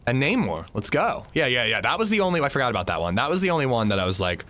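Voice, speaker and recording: A man's voice: medium pitch, very animated, racing, few pauses, a bit bright. A man streaming a video game, chatting casually with friends in a rambling, restarting way and swearing often. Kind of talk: casual chat while gaming.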